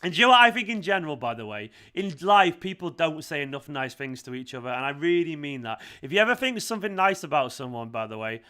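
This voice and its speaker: A young man hosting a fan live stream, excitable and emphatic, repeating himself often. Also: on the high side, fast, hardly any pauses, smooth. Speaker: fan channel host.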